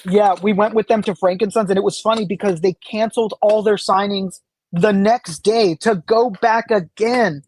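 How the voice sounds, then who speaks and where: A man's voice: high voice, fairly even intonation, normal speed, darkish tone, no echo. Rambling man telling stories, dry sound. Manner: rambling storyteller, many fillers and restarts. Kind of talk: casual chat.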